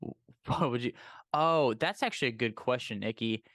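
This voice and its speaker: A man hosting a casual movie chat, animated and emphatic, quick to laugh. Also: medium pitch, dry recording, studio quality. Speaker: podcast host.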